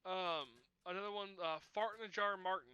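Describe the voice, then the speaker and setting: Bright-voiced man chatting over gameplay. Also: high voice, steady tone, fairly quick, clean tone, muffled recording. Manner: chatty, rambling explanations. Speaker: gaming channel host. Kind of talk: casual game commentary.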